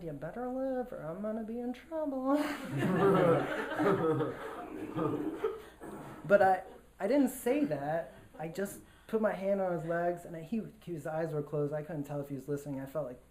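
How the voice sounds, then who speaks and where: A man's voice: fairly high pitch, darkish tone. A man telling a personal story to a live audience in a casual, slangy way, full of fillers and restarts. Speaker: storyteller on stage. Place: stage in front of an audience. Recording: roomy hall echo, faint room noise.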